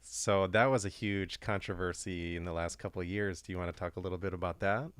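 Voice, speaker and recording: A man hosting a podcast and asking his guest questions in a calm, even way. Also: deep voice, a little fast, clear, resonant tone, no echo. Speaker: podcast host. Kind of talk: interview questions.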